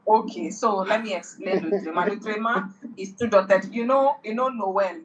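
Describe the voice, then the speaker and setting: A woman's voice: medium pitch, moderate pace, lo-fi sound, crowd noise. Woman, French tutor, patient, repeats herself, casual lesson. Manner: patient, repeats and rephrases explanations.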